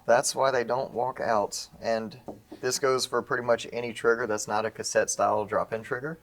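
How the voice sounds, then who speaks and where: A man's voice: medium pitch, steady tone, normal speed, fairly bright tone. A man co-hosting a casual gunsmithing how-to, explaining assembly in a jokey, self-mocking way. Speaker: gunsmithing co-host. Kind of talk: casual instructional banter.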